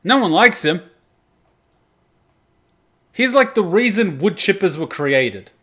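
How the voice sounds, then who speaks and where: A young man hosting an anime reaction video, chatting casually with plenty of swearing and sudden loud outbursts. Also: sits high, takes it slowly. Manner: profane, animated, breaks into loud outbursts.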